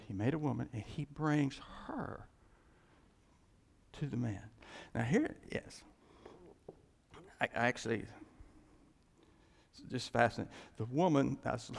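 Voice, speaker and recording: A man preaching a sermon, animated and excitable, with chuckles and many restarts. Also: mid-range voice, vocal fry. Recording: long hall reverb.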